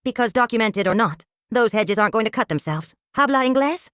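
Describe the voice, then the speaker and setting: A woman podcast host reading a mock commercial voice-over with a sarcastic, salesy pitch. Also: lively intonation, fairly quick, a bit bright, no echo, studio quality.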